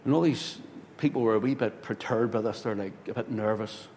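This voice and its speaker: Pastor telling a story in a hall. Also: male voice, a little fast. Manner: animated storyteller, swings from loud to hushed. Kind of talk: sermon storytelling. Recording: hall reverb with faint rumble.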